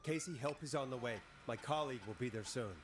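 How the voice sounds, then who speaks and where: An actor voicing a late-night radio DJ who stays calm and reassuring while handling callers. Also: male voice, medium pitch, fast, heavy background noise, natural voice.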